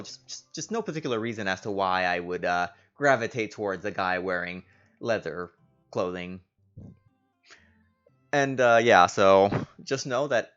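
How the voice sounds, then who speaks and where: Brief: chatty, giggly male streamer, self-deprecating, mid pitch, dull lo-fi mic with faint music behind. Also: fairly bright tone. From California. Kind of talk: game playthrough, reading aloud.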